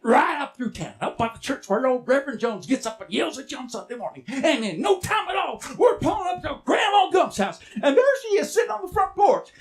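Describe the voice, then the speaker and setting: A man's voice: very high-pitched, sing-song, fairly quick, vocal fry, hardly any pauses. A man, telling a story live on stage in a playful, teasing way, with asides to the audience. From Texas.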